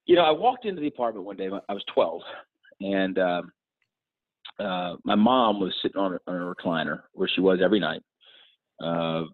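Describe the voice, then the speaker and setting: A middle-aged man with a husky, somewhat low voice shares his story earnestly and reflectively, often stumbling and restarting. The sound is tinny and phone-like, as if heard over a remote call. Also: animated, normal speed. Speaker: guest. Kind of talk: personal storytelling in an interview.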